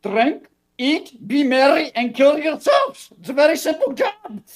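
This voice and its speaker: A man's voice: extremely high pitch, very animated, measured pace, exaggerated voice. Prince Gregory, a man playing a callous prince. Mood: haughty. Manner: haughty, dismissive. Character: callous arrogant young male prince. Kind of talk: improv comedy scene. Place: small stage.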